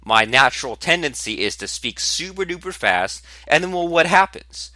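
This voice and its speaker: A man hosting his own podcast, talking candidly and with animated emphasis about his own speaking habits. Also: fairly high pitch, moderate pace, no echo. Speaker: podcast host. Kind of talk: solo podcast monologue.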